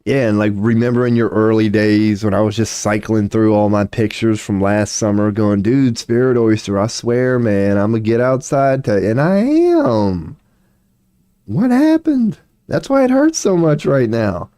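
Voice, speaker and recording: A man's voice: fairly low pitch, expressive, unhurried, dark tone, clean tone, no echo, studio quality. Rambling, swearing young man on a livestream. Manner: rambling, self-deprecating, heavy slang and swearing. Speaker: live streamer. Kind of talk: casual livestream monologue.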